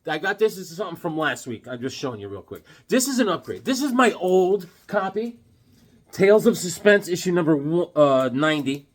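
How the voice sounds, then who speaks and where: A man's voice: on the high side, lively intonation, a little fast. A middle-aged man chatting casually to camera about comic books, jokey and wisecracking. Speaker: comic book vlogger. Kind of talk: casual rambling chat to camera.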